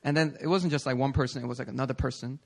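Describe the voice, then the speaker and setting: A male pastor delivering a conversational sermon in a church, animated and prodding the congregation with "okay?" and "right?". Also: mid-range voice, racing, gravelly. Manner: acts out listeners' voices in quotes. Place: church sanctuary.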